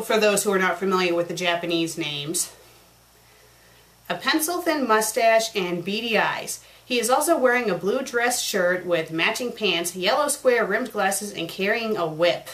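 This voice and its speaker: A woman's voice: mid-range voice, a bit bright, low-quality recording. Woman, sarcastic, exasperated, comedic review reading. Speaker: fanfiction critic.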